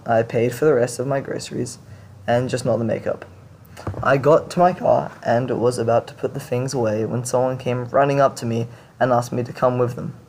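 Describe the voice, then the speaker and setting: A man's voice: mid-range voice, darkish tone, a little hiss or hum. A man hosting a show, reading confession stories aloud and reacting to them in blunt, casual talk with some swearing. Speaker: podcast host reading stories.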